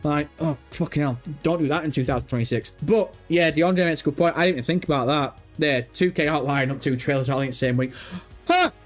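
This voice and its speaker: A man's voice: a little high, fast, soft background music. A man hosting a live gaming stream, reading viewer comments aloud and answering with profane, jokey banter. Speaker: livestream host.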